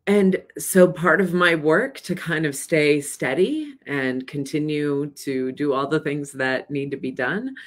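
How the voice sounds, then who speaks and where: A middle-aged woman with a low voice talks earnestly and plainly to her viewers in a casual weekly video. She shares her reflections in an unpolished way and now and then acts out anxious or falsely soothing inner voices. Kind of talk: casual reflective talk to camera.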